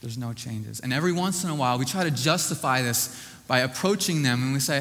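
A man preaching a sermon, emphatic and repetitive, often dropping to a hushed voice at the ends of lines. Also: medium pitch, animated, a little fast, big-room sound.

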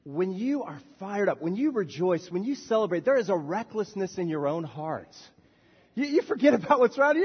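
A man preaching a sermon as a minister, swinging from soft, quiet passages to loud shouted bursts. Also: high voice, sing-song, normal speed, slightly rough, long reverb tail, lo-fi sound. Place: church sanctuary.

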